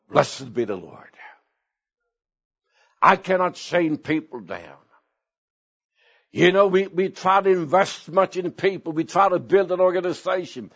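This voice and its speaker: Earnest male preacher, lo-fi recording. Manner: earnest preaching with sudden pitch swings and slow emphatic phrases. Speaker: pastor. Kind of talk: sermon. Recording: dull lo-fi sound.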